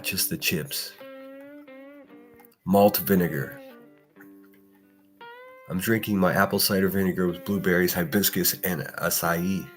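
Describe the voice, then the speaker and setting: A man hosting a casual morning livestream, ranting bluntly with lots of swearing, breaking into laughs and reading chat. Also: low-pitched. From Pittsburgh area. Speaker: livestream host.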